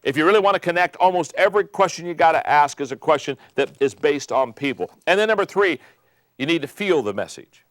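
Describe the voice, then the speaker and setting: A man's voice: fairly high pitch, animated, a little fast, no room sound. Emphatic older man giving a leadership talk. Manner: emphatic, repeats key phrases, rising to loud peaks. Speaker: speaker on leadership. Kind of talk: motivational talk.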